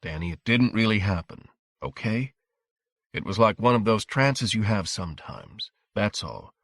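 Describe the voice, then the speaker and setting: Guy doing a low tense dad voice, clipped, edgy. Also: expressive, unhurried, a bit bright, no room sound, exaggerated voice. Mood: strained. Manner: clipped, interrogating. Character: tense, menacing father unraveling.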